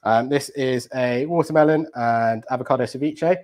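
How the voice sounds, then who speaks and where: A man hosting a live cooking challenge, hurried and breathless, then chatty and full of ums as he explains his dishes. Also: medium pitch, darkish tone. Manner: flustered and breathless under time pressure, then chatty explaining with many ums.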